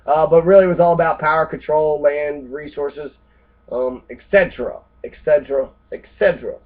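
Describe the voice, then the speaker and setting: A man's voice: on the high side, steady tone, normal speed. An American man ranting casually and sarcastically, swearing often and rambling between points. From United States. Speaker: host. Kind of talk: casual rant monologue. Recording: tinny phone-like lo-fi audio.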